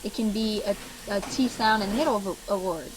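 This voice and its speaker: A woman from South Louisiana with a Cajun accent, explaining accents in a relaxed, hesitant way with many ums. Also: mid-range voice, quick pace, noisy background. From South Louisiana, USA. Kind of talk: casual explanatory monologue. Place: played from another recording.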